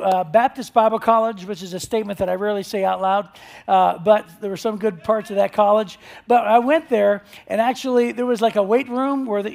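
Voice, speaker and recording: A man's voice: high voice, gravelly, a little mellow. A man preaching a sermon as pastor, talking in a conversational, joking storytelling way.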